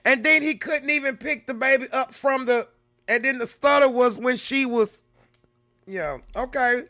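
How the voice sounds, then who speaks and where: A man's voice: extremely high pitch, a little slow, pushed and bright, soft background music. A man hosting a reaction video, chatting casually and laughing often, calling viewers y'all and baby.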